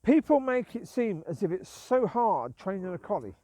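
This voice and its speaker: A man with a slightly high voice rambles through a casual vlog monologue. He sounds aggrieved and keeps justifying himself, looping back to the same points. The sound is dry, with little room around it. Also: very animated, normal speed, warm tone, no room sound. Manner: repetitive, aggrieved, self-justifying. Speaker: vlogger.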